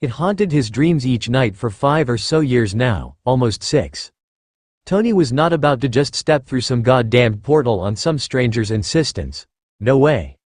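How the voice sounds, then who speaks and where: A man narrating a fan fiction story in a steady reading voice. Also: medium pitch, unhurried, no room sound, clean studio sound.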